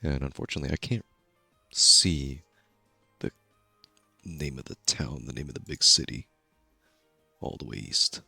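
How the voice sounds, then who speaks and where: A man playing his character in a tabletop game, speaking in an earnest, measured way with a husky voice. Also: bright, forceful tone, no echo, soft background music. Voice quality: very deep, gravelly and husky. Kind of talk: in-character role-play.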